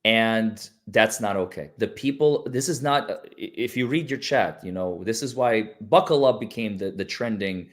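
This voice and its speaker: A lawyer guest on a casual livestream speaks in a lowish male voice. He talks earnestly and at length, often stopping to restart his sentences. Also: normal speed, hardly any pauses. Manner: earnest, rambling with many restarts.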